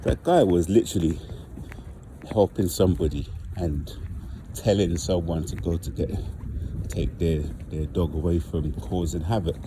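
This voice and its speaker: A man's voice: low-pitched, normal speed, background noise. A man vlogging, telling a story in a rambling, informal way with lots of "like". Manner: rambling, informal, heavy use of "like". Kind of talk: casual storytelling monologue.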